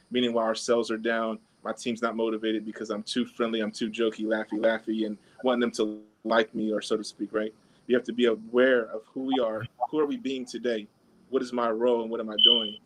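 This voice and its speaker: A man's voice: medium pitch, a bit bright, rough recording. A man hosting a podcast, explaining ideas in casual talk full of fillers and little sample dialogues. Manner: conversational, peppered with fillers. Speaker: podcast host.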